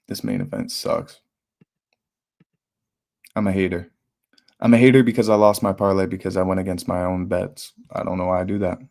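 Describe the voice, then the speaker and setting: A man's voice: deep voice, little pitch movement, fast, a little mellow. A young man hosting a live fight watch party, talking casually and bluntly with slang and swearing. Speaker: livestream host.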